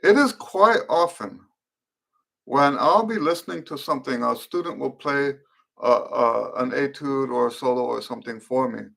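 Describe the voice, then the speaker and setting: Teaching trumpeters in a live-stream Q and A, this middle-aged man explains things slowly and thoughtfully, using fillers and starting over at times. He speaks at a medium pitch with vocal fry and a sharp tone.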